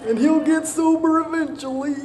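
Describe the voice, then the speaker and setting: A woman's voice: sits high, fairly even intonation, normal speed, crowd noise, noisy background. A woman with a Southern American accent tells a personal recovery story to a live audience, self-mocking and conversational, often checking in with "right?". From Southern United States. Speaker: recovery speaker.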